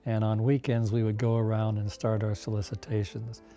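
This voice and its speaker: An older man telling stories in a documentary interview, unhurried, with fillers and soft laughs. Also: fairly low pitch, level tone, faint music behind.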